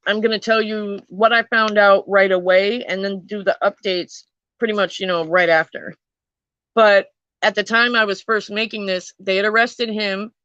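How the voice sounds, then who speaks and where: Chatty woman telling a crime story, swears a lot, bright tone, kinda lo-fi dry sound. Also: medium pitch, no echo. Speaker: true crime vlogger. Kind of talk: casual storytelling.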